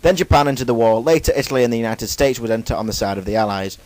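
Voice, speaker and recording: A man's voice: mid-range voice, steady tone, rapid-fire, a little mellow, dry recording, rough recording. A young man giving a casual, jokey school presentation, reading his facts and then breaking off into playful, self-mocking asides. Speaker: student presenter.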